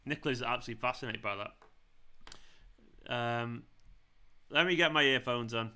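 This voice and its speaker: A man chatting casually while hosting a football watchalong live stream, excitable and quick to swear. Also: mid-range voice, clean tone.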